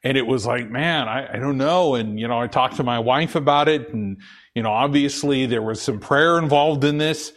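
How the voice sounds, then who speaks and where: A middle-aged lay preacher talks at a normal speed in a mid-range voice, offering a conversational sermon and personal testimony. His manner is earnest and confessional, though hesitant, full of fillers and restarts.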